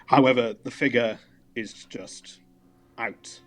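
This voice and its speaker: A man running a tabletop game as game master, describing scenes in an unhurried way. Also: mid-range voice, fairly even intonation, a bit bright.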